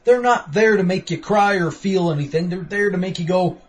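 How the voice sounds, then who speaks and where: A young man with a slightly high-pitched voice reviews a blockbuster on his podcast. He rambles and swears freely, blunt and opinionated, padding his thoughts with fillers. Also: normal speed, few pauses. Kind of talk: casual ranting movie review.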